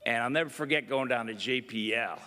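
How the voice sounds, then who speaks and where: A man's voice: medium pitch, a little fast, pushed and bright. A middle-aged man, a government undersecretary, giving a folksy public speech full of anecdotes, with lots of "you know" and "uh". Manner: folksy, chatty storytelling with frequent "you know" and "uh". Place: university event hall. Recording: long reverb of an event hall.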